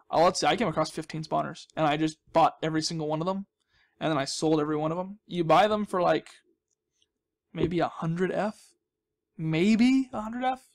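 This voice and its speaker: A young man talks through his gameplay in a loose, rambling way, sliding into side jokes before finding his thread again. His voice sits high for a man and carries a noticeable gravelly fry. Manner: rambling, chatty, jokey asides. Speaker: let's play host. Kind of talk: casual gameplay commentary.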